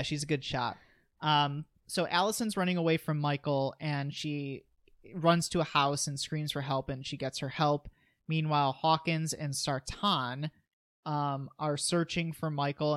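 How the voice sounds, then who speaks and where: A man's voice: fairly high pitch, steady tone, normal speed, fairly bright tone, no echo. A man co-hosting a podcast, chatting casually through a movie recap with eager asides. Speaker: podcast co-host.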